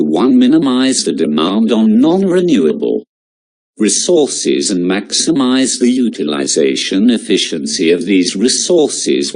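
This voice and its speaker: A man reading out exam-prep lecture notes in a slow, measured way. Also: low-pitched, a little mellow.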